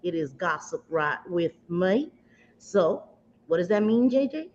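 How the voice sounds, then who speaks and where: This host has a lowish voice that is very animated yet unhurried, chatting casually over a makeup livestream. Her long, meandering talk is self-mocking, and she greets her audience with pet names. A little hiss or hum colors the slightly dull lo-fi audio.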